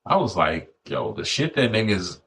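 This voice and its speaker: A man in his forties telling animated, profane barbershop stories as a podcast guest, acting out other people's lines. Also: deep voice, moderate pace, noisy background. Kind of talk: casual storytelling chat.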